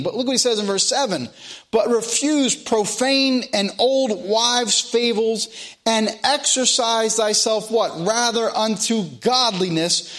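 High-voiced folksy preacher man. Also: a bit bright. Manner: folksy, repeats phrases for emphasis. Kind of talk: sermon.

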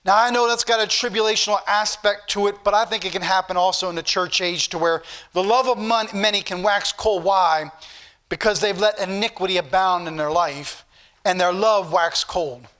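A man's voice: sits high, moderate pace, bright, forceful tone. A man preaching a Sunday school sermon, earnest and rising to fervent questions, with old-fashioned scripture phrasing.

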